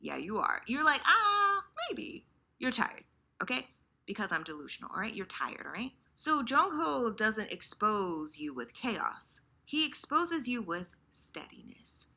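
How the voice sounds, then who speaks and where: A woman hosting a casual fan talk, animated and playful, acting out the listener's inner voice. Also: medium pitch, measured pace, vocal fry. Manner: animated, acts out inner voices, lots of restarts. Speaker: host. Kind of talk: casual chat about fandom.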